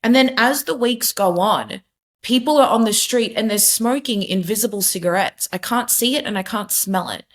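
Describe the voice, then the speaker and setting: A woman's voice: a little high, moderate pace. A young adult woman, a podcast guest, giving an earnest, emphatic personal testimony in casual conversation, with many fillers and restarts.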